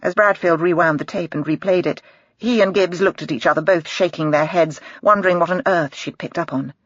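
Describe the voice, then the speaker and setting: An audiobook narrator reading a crime novel in a measured, even storytelling manner. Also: medium pitch, no echo, lo-fi sound. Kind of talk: scripted narration.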